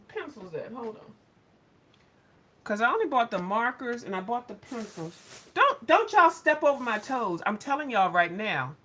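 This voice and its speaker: Woman, coloring channel host; sassy, animated, swears freely, slightly high pitch. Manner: animated, cussing, sassy, loud outbursts. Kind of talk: casual chat to viewers.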